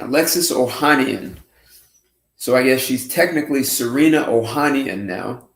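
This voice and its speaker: Musing man hosting a livestream show. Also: medium pitch. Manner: unhurried, musing, with restarts and throat clearing. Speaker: host. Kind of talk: casual livestream commentary. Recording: roomy echo.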